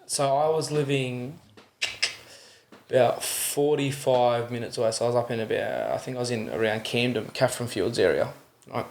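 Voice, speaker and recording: A man's voice: medium pitch, moderate pace, a little mellow, a little hiss or hum. A young Australian man telling a personal story as a podcast guest, earnest, often adding "you know what I mean" and acting out the voices in his retellings. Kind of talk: candid interview storytelling.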